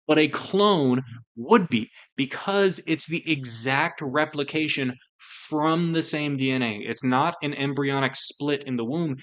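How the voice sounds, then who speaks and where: A man's voice: medium pitch, fairly bright tone. Podcast co-host, male, loose and rambling, lots of filler words, chatty discussion. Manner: rambling, heavy with "like" and "you know".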